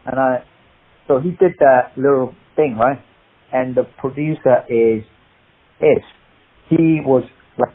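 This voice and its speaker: Male interview guest, husky voice, rambling, animated anecdotes, phone-thin sound. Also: mid-range voice, slow, long pauses. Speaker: guest, martial arts actor. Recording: tinny phone-like line.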